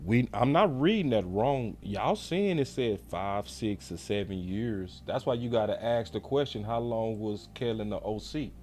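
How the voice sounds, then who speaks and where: A man hosting a sports channel, talking excitedly, repeating himself and throwing in mocking exclamations. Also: lowish voice, measured pace, few pauses. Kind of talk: animated live-stream commentary.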